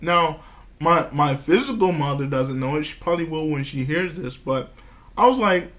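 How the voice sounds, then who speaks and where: A man talking about his personal life in a vlog, halting and stammering, repeating his words and giggling nervously between phrases. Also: on the high side, huge pitch swings, sharp tone. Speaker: vlogger.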